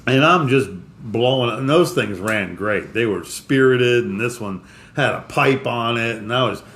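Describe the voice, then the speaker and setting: A man's voice: mid-range voice, a bit bright, slight background noise. Rambling male podcast co-host. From Florida. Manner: rambling, halting with many restarts. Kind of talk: casual storytelling chat.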